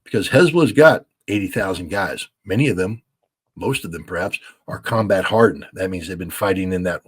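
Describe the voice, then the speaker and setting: Man, husky voice, lowish pitch, emphatic, colloquial interview commentary. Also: brisk. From United States. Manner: emphatic, blunt and colloquial, repeats points for stress. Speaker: military analyst guest.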